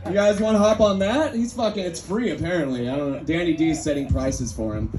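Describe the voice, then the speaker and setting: A Northern Californian stand-up comedian with a slightly high, slightly mellow voice talks a little fast with hardly any pauses. He performs at an indoor restaurant comedy night, rambling conversationally through crowd work.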